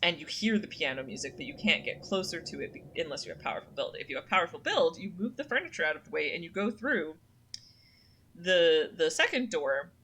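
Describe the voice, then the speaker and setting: A woman's voice: on the low side, animated, brisk, a bit bright, breathy edge. A young woman streaming a story game, chatting casually and reading the game's narration aloud. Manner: chatty, reads narration in second person, fillers like um and uh. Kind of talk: casual let's-play commentary and reading game text aloud.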